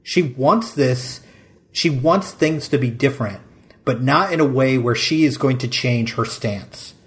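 A man's voice: mid-range voice, unhurried. Emphatic man gushing about a film. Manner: emphatic, effusive, many "like"s. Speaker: podcast co-host. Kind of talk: casual film discussion.

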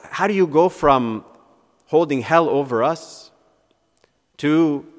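A man's voice: mid-range voice, big-room sound. A male priest giving a reflective homily, posing rhetorical questions and repeating words as he thinks aloud.

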